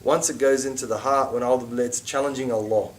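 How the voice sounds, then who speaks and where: A middle-aged man teaching an informal religious class, chatty and animated, with asides and mock quotes. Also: mid-range voice, quick pace, recorded from a distance.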